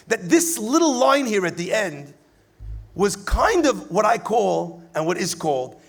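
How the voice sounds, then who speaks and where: A male rabbi speaks from a lit stage to a conference audience in an animated preaching style. His voice sits fairly high with a gravelly edge. He swings between loud bursts and soft, quiet passages and slips playful jokes into his teaching.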